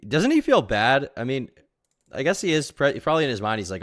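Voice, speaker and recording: A man reacting live on stream, mocking and incredulous. His voice is fairly low and leaps up and down as he swings from loud rants into muttered asides. The tone stays scornful throughout. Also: sing-song, fairly quick.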